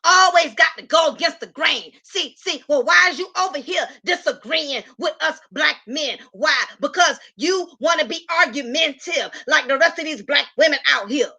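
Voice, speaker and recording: A woman's voice: sits high, animated, moderate pace, hardly any pauses, pushed and bright, full character voice. A woman voicing an indignant man who mockingly and repetitively scolds a woman on a panel.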